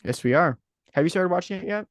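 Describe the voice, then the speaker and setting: A man's voice: sits high, animated, fast, dry recording, clean studio sound. A man co-hosting a casual podcast, bantering playfully and sharing enthusiastic opinions. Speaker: podcast co-host. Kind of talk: casual chat.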